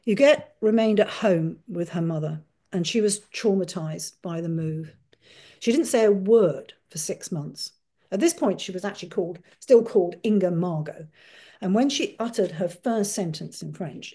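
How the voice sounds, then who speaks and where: Woman author, public talk, earnest and measured storyteller, lowish voice. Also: mellow, breathy edge. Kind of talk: storytelling lecture.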